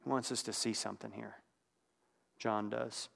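A man preaching a sermon in a conversational, reflective way, sometimes dropping to a hushed tone. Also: on the low side, little pitch movement, moderate pace, gravelly, big-room sound.

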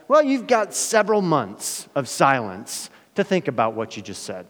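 A male pastor preaching a sermon in a dramatic way, swinging from loud emphasis to hushed asides. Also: medium pitch, sing-song, normal speed. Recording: long hall reverb.

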